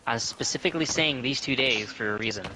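A man's voice: mid-range voice, fast. A young American man streaming a game with friends, teasing and lecturing them in casual chat over a headset. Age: young adult. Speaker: gaming streamer. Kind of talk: casual chat while gaming. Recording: noisy gaming chat with clicks.

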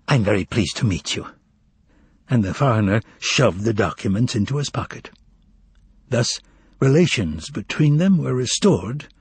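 A man reading a novel aloud in a lively, expressive way, with a husky voice. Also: fairly low pitch, dry recording. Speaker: audiobook reader. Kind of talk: audiobook narration.

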